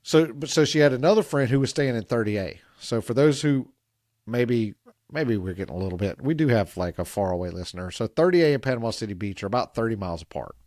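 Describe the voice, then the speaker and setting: A middle-aged man co-hosting a podcast, telling stories in an animated way and getting louder when he quotes himself. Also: medium pitch, fast talker, no room sound, clean studio sound. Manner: animated, gets loud when quoting himself. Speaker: podcast co-host. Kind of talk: casual storytelling chat.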